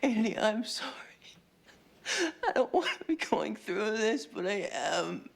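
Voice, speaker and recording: A man's voice: high-pitched, expressive, a little slow, gravelly, full character voice. An actor playing an anguished teenage boy coming out to his father, crying and pleading in a TV drama scene. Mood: desperate pleading. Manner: pleading, sobbing. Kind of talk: TV drama acting. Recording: music playing behind the voice. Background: music.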